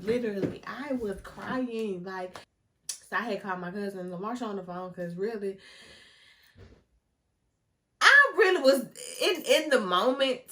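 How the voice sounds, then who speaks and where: Young woman vlogging a storytime, laughs a lot, bright punchy voice. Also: a little high. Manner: animated, laughs often, talks straight to viewers. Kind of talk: casual storytime.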